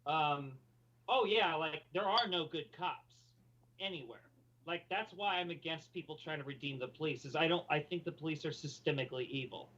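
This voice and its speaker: Blunt higher-voiced man on a lo-fi call. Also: normal speed, pushed and bright, a little hiss or hum. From Arizona, US. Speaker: guest. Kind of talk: casual livestream chat. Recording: dull lo-fi call audio.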